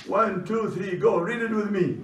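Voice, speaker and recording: A man teaching a language class, brisk and commanding, who repeats his instructions. His first language is Chaldean Aramaic. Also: high voice, fairly even intonation, background noise. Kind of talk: classroom lecture. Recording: roomy, distant classroom recording.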